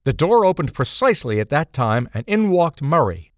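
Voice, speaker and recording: An older man reading a comic first-person story in a playful, animated storytelling manner. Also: fairly high pitch, moderate pace, no room sound, studio quality.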